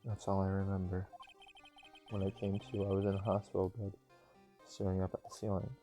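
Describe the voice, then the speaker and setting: A man's voice: low voice, monotone, brisk, warm tone, faint music behind. A young man casually reading game dialogue aloud with offhand asides, recorded on an earbud mic.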